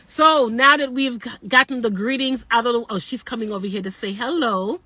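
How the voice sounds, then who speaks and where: A woman's voice: high voice, unhurried, few pauses, sharp tone, no room sound. An older woman hosting a casual live stream from a parked car on her phone, cheerfully greeting viewers in several languages. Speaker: social media live host.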